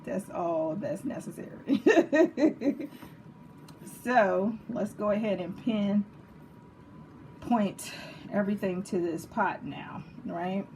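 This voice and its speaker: Home cook, woman, Texas accent, mid pitch, chatty and jokey, faint kitchen noise behind. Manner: chatty, jokey, checks in with "okay?" and "right?". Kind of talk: casual cooking demonstration.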